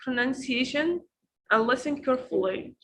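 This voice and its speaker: A woman teaching pronunciation in an online lesson, repeating each word slowly to drill it. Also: high voice, lively intonation, a bit bright, poor audio. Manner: slow, repeats words to drill them.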